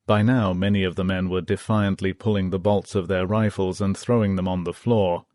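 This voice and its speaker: A man narrating a history audiobook in a steady, measured reading. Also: deep voice, dry recording, studio quality.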